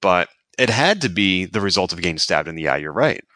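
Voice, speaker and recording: A man co-hosting a casual podcast discussion, talking in a measured, analytical way. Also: deep voice, big pitch swings, sharp tone, dry recording. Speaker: podcast co-host.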